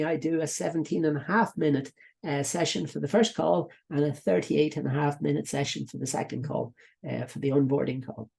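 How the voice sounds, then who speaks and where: A middle-aged coaching trainer with a Dublin Irish accent leads a live online session. The voice is gravelly and a little husky, sitting in a middle register. The delivery rambles and repeats itself, with frequent side remarks. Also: mid-range voice, warm tone. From Ireland. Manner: rambling, repetitive, breaks off into asides.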